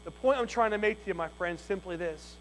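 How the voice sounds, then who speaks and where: High-voiced emphatic male preacher. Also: fairly quick, fairly bright tone, poor audio. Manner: emphatic, repeats key phrases. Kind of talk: evening sermon. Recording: mains hum.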